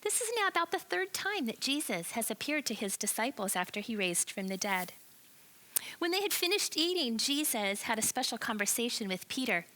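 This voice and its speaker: A woman teaching a children's Bible lesson, telling the story in an animated way and asking the listeners questions. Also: a little high, moderate pace, rough recording.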